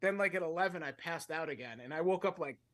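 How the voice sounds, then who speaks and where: A man with a higher-pitched voice talks fast as a co-host on a comedy podcast. He's an adult with a fiance, telling a long story casually and ramblingly, often breaking off to laugh mid-sentence.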